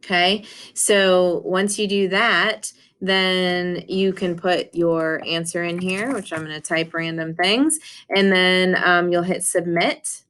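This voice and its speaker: A woman's voice: on the low side, steady tone, slow, a bit bright, smooth. A woman teacher in a recorded class lesson, retelling a story and walking students through an online reading tool in a casual way with many fillers. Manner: casual, many ums and restarts.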